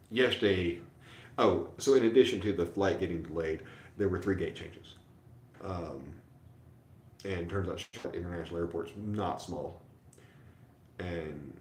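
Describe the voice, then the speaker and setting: A man's voice: low-pitched, roomy sound, slight background noise. A tired, sore middle-aged man chatting casually on a livestream from a hotel room, rambling and self-deprecating with lots of fillers. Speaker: livestream host. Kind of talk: casual rambling live chat.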